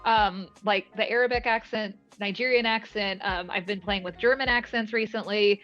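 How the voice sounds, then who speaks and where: A woman voice actor chatting in an interview, talking freely with lots of fillers and quick laughs. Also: mid-range voice, steady tone, a bit bright, dull audio, faint music behind. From moved often, mainly Alaska. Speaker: voice actress guest. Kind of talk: casual interview chat.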